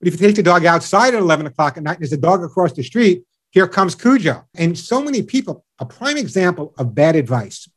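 Middle-aged man, pet expert guest; slightly high voice, animated storyteller. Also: fast talker, few pauses. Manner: animated storyteller acting out owners and dogs. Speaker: pet show radio host and dog trainer, guest. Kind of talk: enthusiastic interview chat.

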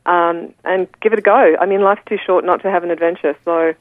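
An Australian woman speaking as a radio guest over a phone line, friendly and quick. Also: on the low side, fairly even intonation, no echo. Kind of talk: casual interview on phone.

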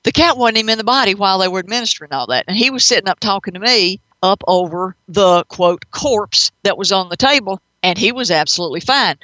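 A woman hosting a radio show as a pet psychic, telling her stories in a chatty, animated manner. Her voice is bright and forceful, recorded dry with a slightly dull, lo-fi radio sound. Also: mid-range voice, fast, hardly any pauses, dry recording. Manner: animated, chatty, matter-of-fact. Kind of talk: radio storytelling.

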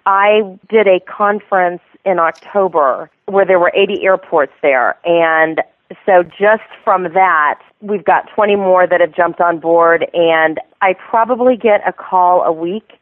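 A woman's voice: on the low side, unhurried, no room sound. A woman who runs a therapy dog program, telling stories with enthusiasm and frequent laughter during an interview. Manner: bubbly, laughs often, enthusiastic. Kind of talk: phone interview storytelling. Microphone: phone. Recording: tinny phone line, dry.

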